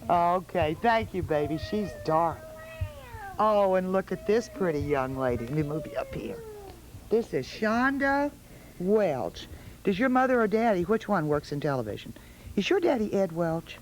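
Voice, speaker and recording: A woman's voice: on the low side, big pitch swings, normal speed, low-quality recording. A woman hosting a holiday television show in a studio, coaxing small children with sing-song questions. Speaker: television host.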